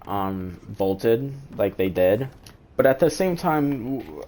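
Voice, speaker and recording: A man's voice: on the low side, warm tone, a little hiss or hum. A man streaming a game, rambling through his opinions in casual chat and swearing now and then. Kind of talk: casual live-stream commentary.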